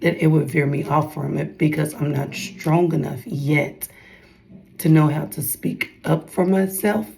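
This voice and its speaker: A woman's voice: sits low, fairly even intonation, a little slow, vocal fry, darkish tone, low-quality recording. A young woman giving a casual devotional talk to her followers, chatty and calling out to her viewers, acting out others' voices as she retells talks. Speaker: faith vlogger.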